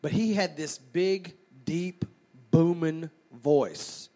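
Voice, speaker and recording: Preacher, male, bright high voice, lively storytelling sermon delivery. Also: drawn-out words. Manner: animated storyteller, acts out childhood scenes.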